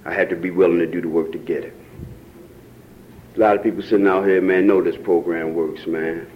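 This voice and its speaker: A man with a Baltimore accent speaking at a recovery meeting, preaching about hope and rising to shouts near tears. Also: low-pitched, fairly even intonation, fairly quick, phone-quality sound, slight background noise. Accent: African American Vernacular English, Baltimore. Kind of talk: impassioned testimony. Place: meeting room.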